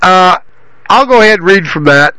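A man's voice: high voice, lively intonation, normal speed, sharp tone, clean tone, dry recording, low-quality recording. A male radio host rambling in casual talk and reading a comic story aloud. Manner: rambling, repeating himself.

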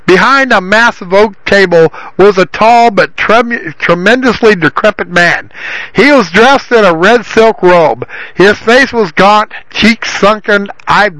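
Male host, rambly talker and storyteller, high bright voice, dry studio sound. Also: no room sound, rough recording. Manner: rambling, repeating himself. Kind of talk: casual talk and comic reading.

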